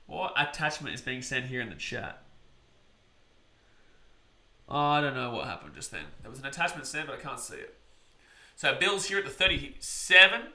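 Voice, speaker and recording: A man giving live play-by-play reactions on a stream, chatting with viewers and shouting over big plays. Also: on the high side, roomy sound.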